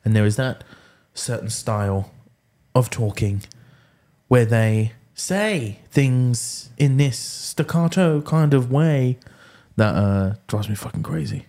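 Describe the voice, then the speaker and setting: A man with a mid-pitched voice chatting casually as a podcast co-host. He is wry and often trips over his words and restarts. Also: takes it slowly, warm tone. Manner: hesitant, stumbling restarts, wry. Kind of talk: casual chat.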